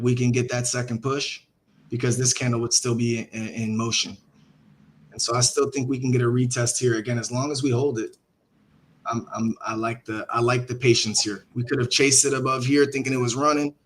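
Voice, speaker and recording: A man hosting a live trading stream over online voice chat. He talks in a casual, slangy way and thinks out loud. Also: mid-range voice. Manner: laid-back and slangy, thinks aloud. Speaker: livestream host and trader.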